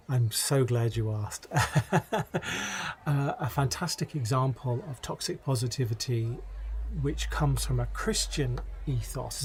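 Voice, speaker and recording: A man hosting a podcast, telling stories in a relaxed, wry way. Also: mid-range voice, slight background noise. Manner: relaxed and wry, laughs at his own jokes. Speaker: podcast host. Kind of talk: conversational podcast storytelling.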